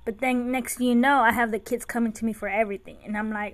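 A woman's voice: a little high, steady tone, quick pace, hardly any pauses. A woman hosting a podcast, chatting casually and telling stories about raising her kids. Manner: chatty, anecdotal storytelling. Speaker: podcast host and mother. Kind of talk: casual chat.

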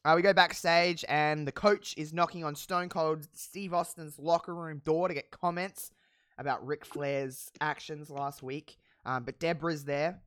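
A podcast host casually recapping a wrestling show, telling it with animated, profane storytelling and frequent laughs. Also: mid-range voice, a little slow, no echo, studio quality. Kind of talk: casual chat.

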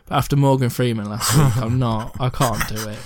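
A man's voice: mid-range voice, fairly even intonation, a little fast, a crowd in the background. A young man chatting casually about films as a podcast co-host, rambling and swearing, laughing often. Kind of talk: casual film chat.

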